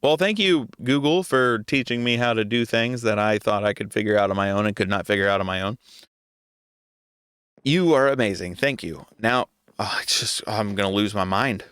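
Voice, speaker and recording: A man's voice: lowish voice, normal speed, a bit bright, clear, resonant tone, dry recording, studio quality. A young adult man giving casual gameplay commentary, talking to himself in an exasperated, joking way. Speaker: gaming video creator.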